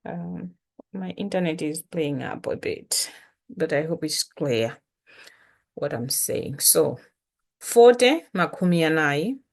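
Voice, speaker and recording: Slow, patient Malawian woman teaching. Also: low voice, lively intonation, vocal fry. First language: Chitumbuka. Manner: slow, patient, repeats words with frequent fillers. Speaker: language teacher. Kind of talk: casual online language lesson. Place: home, online session.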